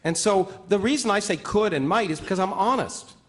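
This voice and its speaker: A man, a scientist, answering in a stage debate with quick, emphatic rebuttals. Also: sits high, background noise. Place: debate stage before a live audience.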